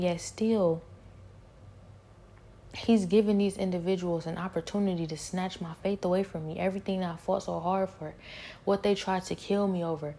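Frustrated woman venting, low dark voice. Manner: frustrated, pleading, rhetorical questions. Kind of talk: emotional personal monologue.

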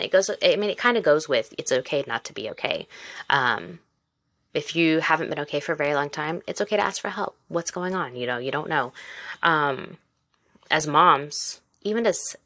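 Low-voiced young woman giving candid advice. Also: lively intonation, normal speed, fairly bright tone, no echo. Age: 20s. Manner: candid, encouraging, talks straight to the listener. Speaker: podcast host; mother and former teacher. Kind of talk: casual solo podcast talk.

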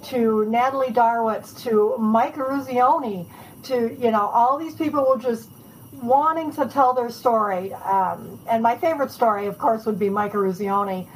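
A woman author is the interview guest, a bit high in pitch. She tells her stories in a chatty, animated way with easy laughs. There is a faint hiss behind her. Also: measured pace, low-quality recording. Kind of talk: casual storytelling interview.

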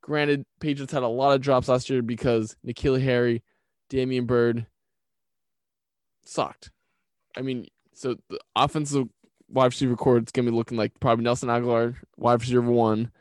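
A man's voice: medium pitch, flat delivery, normal speed, dry recording. A man co-hosting a casual sports podcast, talking bluntly and with strong opinions. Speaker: podcast co-host.

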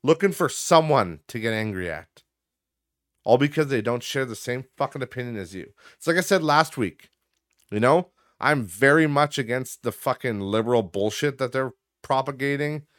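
A man's voice: medium pitch, moderate pace, fairly bright tone, dry recording, clean studio sound. A man hosting a podcast, ranting bluntly and profanely with lots of fillers. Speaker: podcast host. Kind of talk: casual ranting podcast monologue.

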